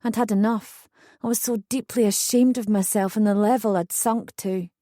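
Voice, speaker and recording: A woman reading a first-person true story as an audiobook narrator, in steady, earnest scripted narration. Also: mid-range voice, moderate pace, dry recording, studio quality.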